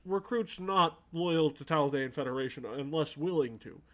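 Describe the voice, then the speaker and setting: A man playing a gruff envoy in broken speech. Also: fairly high pitch, normal speed, a bit bright, close to an everyday voice. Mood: blunt. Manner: clipped broken speech, talks of himself by name.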